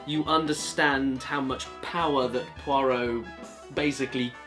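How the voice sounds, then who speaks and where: A man talking through a film review in a loose, rambling way, often stopping and restarting his sentences. His pitch sits in an ordinary middle range, and faint music plays behind him. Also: steady tone, measured pace, bright, forceful tone. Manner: rambling, restarts and self-corrections. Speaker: channel host, film reviewer. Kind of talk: casual film review chat.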